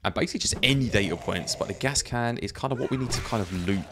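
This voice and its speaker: This man's voice is medium in pitch and quick, with background noise behind it. He's a gaming YouTuber doing let's play commentary, talking casually through a zombie survival game while laughing often and voicing his thoughts.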